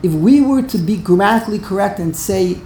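A woman's voice: medium pitch, expressive, fairly quick, dark tone, slight background noise. A woman teaching a Torah grammar class, emphatic and repeating words while she corrects pronunciation. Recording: echoey room.

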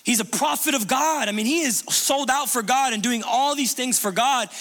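A male pastor delivers a sermon in a notably high, bright voice. He talks conversationally and animatedly, restarting phrases as he goes. The church hall gives every sentence a long, ringing reverb. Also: normal speed. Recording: long reverb of a large room.

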